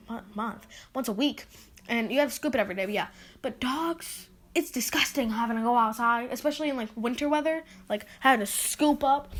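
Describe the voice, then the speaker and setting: Female podcast host, high voice, rambling exasperated rant, filler-heavy. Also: fairly bright tone. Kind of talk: casual solo podcast rant.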